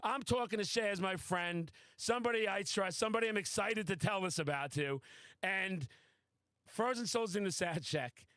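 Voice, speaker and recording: A high-pitched man hosts a casual podcast chat, talking in an excitable, boastful rush and swearing freely. His voice is recorded dry and close, with no room sound around it. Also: normal speed, no room sound. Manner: excitable, boastful, profane storytelling. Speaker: podcast host.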